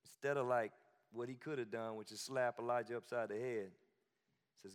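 A man's voice: medium pitch, steady tone, normal speed, big-room sound. A male pastor preaching a sermon in a conversational, emphatic way, with asides and repeated phrases.

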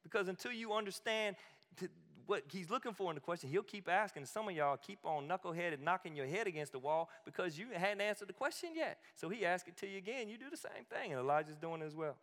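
A man's voice: sits high, animated, fast talker, a bit bright, in a large hall. A male pastor preaching a sermon in a conversational, emphatic way, with asides and repeated phrases.

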